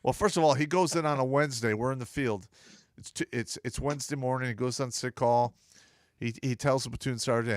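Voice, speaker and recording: A man's voice: mid-range voice, a little fast, no room sound. A man who is a podcast co-host and army veteran, telling stories in casual chat and acting out the people in them. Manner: animated, acts out voices in his stories.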